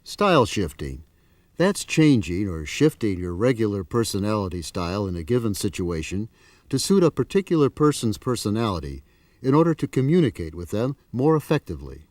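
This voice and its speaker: A man reading scripted narration for a training video, with clear, explanatory delivery. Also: fairly low pitch, sing-song, a little fast, a little mellow, dry recording. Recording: dry, distant mic.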